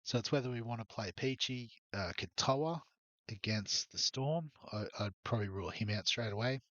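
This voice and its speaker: A man's voice: lowish voice, moderate pace, a bit bright, no echo, muffled recording. A man walking through his fantasy rugby league team in a rambling, hesitant way, full of ums. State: has the hiccups. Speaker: fantasy sports youtuber. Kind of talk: casual fantasy team walkthrough.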